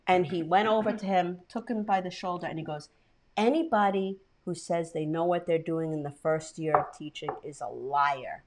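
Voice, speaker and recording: A woman's voice: fairly low pitch, moderate pace, noisy background. A woman co-hosting a podcast, telling a story casually with swearing and feeling. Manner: profane, heartfelt storytelling. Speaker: podcast co-host. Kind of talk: casual chat.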